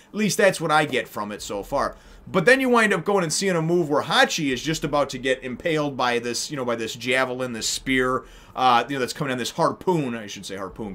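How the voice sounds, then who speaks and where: A man giving a casual, rambling spoken review of a manga chapter, with many fillers and restarts. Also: mid-range voice. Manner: animated when acting out characters.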